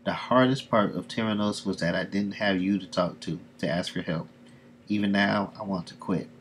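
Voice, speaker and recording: A man reading aloud, softly and plainly, the lines of an earnest young man comforting his brother. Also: deep voice, normal speed, slight background noise, close to an everyday voice.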